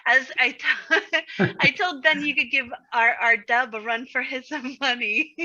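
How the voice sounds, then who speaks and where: An excitable American woman co-hosting a casual chat, laughing often. Her voice is very bright and fairly high. The audio sounds dull and lo-fi. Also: measured pace. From Arizona, US. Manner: giggly, excitable. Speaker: co-host.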